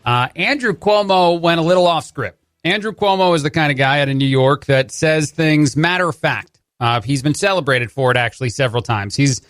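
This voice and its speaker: A man's voice: fairly high pitch, a little fast, hardly any pauses, fairly bright tone, no echo, studio quality. A man from New Jersey with a Jersey accent, filling in as a talk radio host with conversational, sarcastic commentary. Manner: conversational, sarcastic asides, frequent "uh" restarts.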